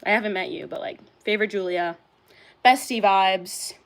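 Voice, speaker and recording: A woman's voice: medium pitch, normal speed. A young woman casually chatting on a livestream, reading out and answering chat, candid, swearing and laughing often.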